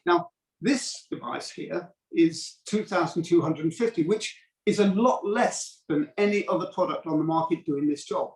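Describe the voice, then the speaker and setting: A casual salesman with a slightly higher-pitched voice gives a live product demo over a video call, speaking at a moderate pace. He rambles, restarting sentences and using fillers. The video call audio sounds distant, roomy and echoey.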